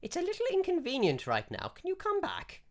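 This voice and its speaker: A scatty elderly priestess, put on by a man in a tabletop game. She talks in a high, fussy, distracted flutter. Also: huge pitch swings, brisk, heavily acted.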